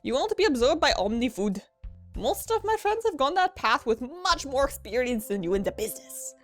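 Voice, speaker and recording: A grumpy old restaurant-owning uncle with a deliberately fake French accent, put on by a woman reading game dialogue. The lines swing up and down in a hammy, sing-song way, with faint game music behind. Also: sits high, sing-song, voice pushed up. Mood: mock-French.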